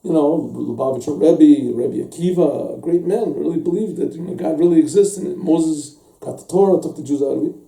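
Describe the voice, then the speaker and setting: A man's voice: fairly high pitch, a little fast, creaky, hardly any pauses, dark tone. A man teaching a religious text class as a rabbi, explaining at length, repeating words and acting out little dialogues. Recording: echoey room, mic set far off.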